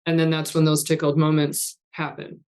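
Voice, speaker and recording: A woman's voice: sits low, completely flat delivery, moderate pace, a little mellow. A woman in her fifties, a guest in an interview, telling long rambling anecdotes in casual chat and laughing often. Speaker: guest, artist coach.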